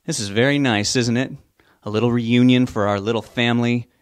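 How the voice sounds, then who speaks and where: A man voicing a menacing, mocking middle-aged father who holds a gun, with a loud, taunting delivery. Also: medium pitch, steady tone, a little fast, clean tone, no echo, studio quality, lightly acted.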